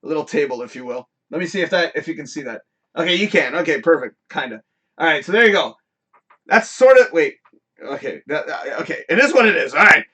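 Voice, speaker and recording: Profane, high, bright-voiced man ranting. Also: brisk. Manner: profane, laughing, animated storytelling. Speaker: host. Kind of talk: casual live-stream rant.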